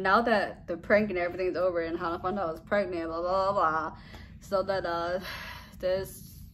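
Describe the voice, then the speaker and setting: A woman's voice: lowish voice, slight background noise. A young woman vlogging a casual story, rambling and giggly, often trailing off with "blah, blah, blah.".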